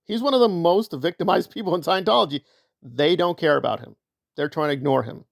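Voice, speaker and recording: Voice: mid-range voice, fairly quick, creaky, no echo, clean studio sound. A commentator giving opinion commentary in a sarcastic, argumentative way.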